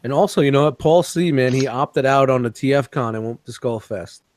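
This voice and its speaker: A man co-hosting a collectors' podcast in casual chat, rambling and animated, swearing freely. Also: mid-range voice, brisk, dry recording. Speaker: podcast co-host.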